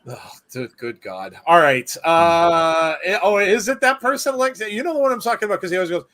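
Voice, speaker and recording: Male co-host, a bit high-pitched, excitable, reads comments aloud. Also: fairly quick. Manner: exclaims and reacts loudly. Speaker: podcast co-host. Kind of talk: casual chat.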